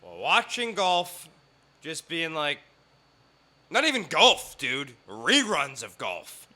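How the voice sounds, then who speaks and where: Young man, fairly high voice, piercingly bright tone, profane ranting podcast talk. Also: huge pitch swings, slow. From Canada. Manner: profane, ranting, mimics others in put-on voices. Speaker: podcast guest. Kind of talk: casual podcast chat.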